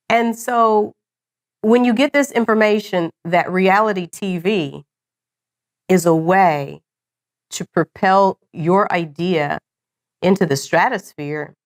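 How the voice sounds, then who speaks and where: A woman hosting a talk show, speaking earnestly and drawing out her phrases as she introduces and questions her guest. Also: fairly low pitch. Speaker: host.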